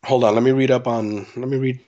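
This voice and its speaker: A middle-aged man at a tabletop game who reports his rolls matter-of-factly and slips in dry, self-deprecating jokes. His pitch is ordinary for a man, and he talks in a plain, easy conversational way. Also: steady tone, fast, dark tone, muffled recording. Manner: dry, self-mocking, speaks in character at times. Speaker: player. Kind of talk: casual tabletop play.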